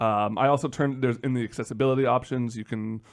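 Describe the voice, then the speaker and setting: A man's voice: medium pitch, fairly even intonation, quick pace. A man co-hosting a podcast, telling a rambling story in casual chat with many fillers. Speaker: podcast co-host.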